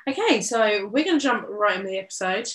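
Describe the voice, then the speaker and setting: A woman's voice: medium pitch, lively intonation, brisk, a bit bright, reverberant. A young woman co-hosting a casual podcast, chatty and swearing freely. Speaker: podcast co-host. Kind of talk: casual chat.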